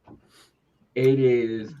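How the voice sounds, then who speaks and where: A man's voice: medium pitch, level tone, slow pace. Joking man on a dull lo-fi line. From New York metro area. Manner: joking, laughs often. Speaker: podcast co-host. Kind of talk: casual podcast chat.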